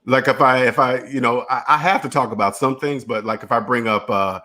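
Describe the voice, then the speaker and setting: A man's voice: medium pitch, steady tone, fairly quick, bright, forceful tone. A man hosting a finance channel, talking in a rambling, repetitive solo monologue and acting out imagined dialogues. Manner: repetitive, restarts phrases, emphatic.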